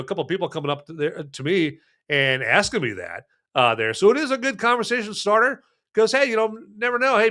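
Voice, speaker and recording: A man hosting a podcast in casual chat, rambling and joking with many restarts and fillers. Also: sharp tone. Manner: jokey, chummy sales pitch. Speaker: podcast host.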